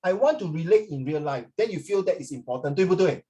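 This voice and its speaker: Rambling male English teacher, somewhat high-pitched, keeps checking in with the class and code-switches to Mandarin. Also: expressive, fast talker, mellow. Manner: rambling, often checks in with students; mixes in Mandarin phrases. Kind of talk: classroom lecture.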